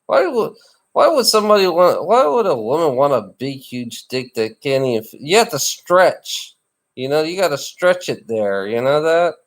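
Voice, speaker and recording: A man's voice: fairly high pitch, very animated, normal speed. A man chatting casually in a rambling, teasing way, often restarting and repeating his phrases. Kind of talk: casual chat.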